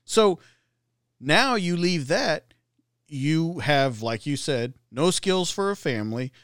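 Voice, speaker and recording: A man's voice: a little high, animated, slow, fairly bright tone, clean tone, no room sound, studio quality. A man hosting a casual interview, asking loose, rambling questions. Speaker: podcast host.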